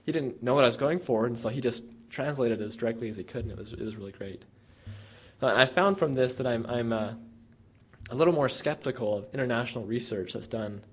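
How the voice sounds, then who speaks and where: Young male former researcher, rambling storyteller, ordinary pitch, dull lo-fi sound. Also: breathy edge. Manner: rambling, with many restarts and fillers, animated when retelling dialogue. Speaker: former field researcher advising students. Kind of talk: casual anecdotal talk. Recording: dull lo-fi recording.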